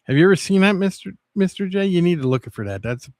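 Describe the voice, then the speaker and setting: Rambling, halting man on a livestream. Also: high voice, animated, darkish tone, no room sound, studio quality. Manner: rambling, halting, with many restarts. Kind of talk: casual chat with viewers.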